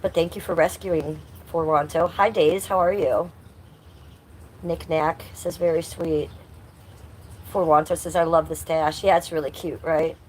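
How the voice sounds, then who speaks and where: A woman's voice: sits low, a little mellow, slight background noise. A woman in her fifties hosting a casual livestream, reading chat aloud and cursing at rude commenters. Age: 50s. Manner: blunt, swears at rude chatters; sing-song baby talk to her cat. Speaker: livestream host.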